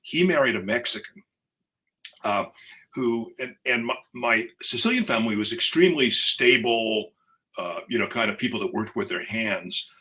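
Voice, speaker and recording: An older man, a poet, telling a personal story in conversation, animated and full of fillers and restarts. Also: on the low side, normal speed, low-quality recording.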